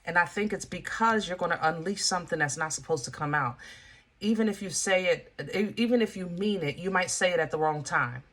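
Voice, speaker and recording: A woman's voice: fairly low pitch, fairly quick, fairly bright tone. A woman from Pennsylvania giving a casual tarot reading, blunt and emphatic, with frank, folksy speech aimed straight at the viewer. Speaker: tarot reader.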